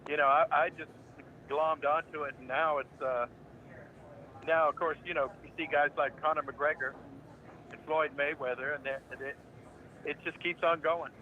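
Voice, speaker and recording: A man's voice: fairly high pitch, normal speed, pauses often, narrow, tinny audio. A man in his seventies from Ohio, a voice actor telling jokey anecdotes as a guest in a casual interview. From Ohio, United States. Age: 70s. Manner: jokey, anecdotal, animated raconteur.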